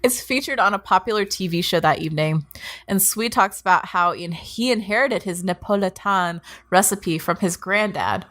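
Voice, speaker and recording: A woman's voice: medium pitch, moderate pace, a bit bright. Chatty laughing woman podcast co-host. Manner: chatty, laughs often, swears freely, many fillers. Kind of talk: casual anime recap chat.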